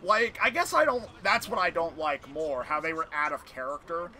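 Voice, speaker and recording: A man hosting a casual gaming podcast, talking through an animated, rambling rant with some swearing. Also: on the high side, moderate pace. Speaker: podcast host playing a video game.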